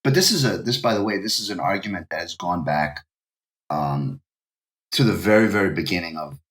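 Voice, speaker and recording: A man with a very low voice talks through a casual podcast conversation as the guest. He rambles and restarts his sentences, leaning on "you know" to keep going. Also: brisk, fairly bright tone. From United States. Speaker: professional game localizer, guest. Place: home in Japan, remote call.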